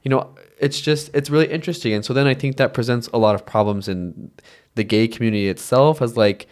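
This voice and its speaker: A man's voice: mid-range voice, fast talker. Male podcast co-host, casual film review chat, earnest, emotional, meandering. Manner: earnest, emotional, rambling with many fillers.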